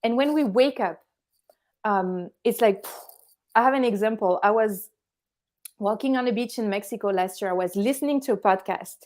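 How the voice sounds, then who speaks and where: Young woman, calm teacher voice, interview guest, mid pitch. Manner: calm, instructive, gives everyday examples. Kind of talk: explanatory conversation.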